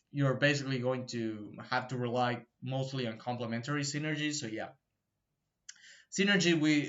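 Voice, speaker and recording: A fitness channel host with a medium-pitched, slightly bright voice explains training to camera in a casual way. He's loose and profane, full of fillers and "right?" tags, and the audio sounds dull.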